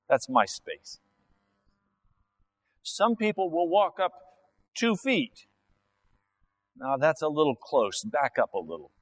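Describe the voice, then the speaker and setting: Male preacher, slow measured sermon, moderate pitch, breaks into character voices for scenes. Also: low-quality recording. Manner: acts out biblical dialogue and everyday scenes in varied voices; slow, deliberate delivery with sudden high-pitched exclamations.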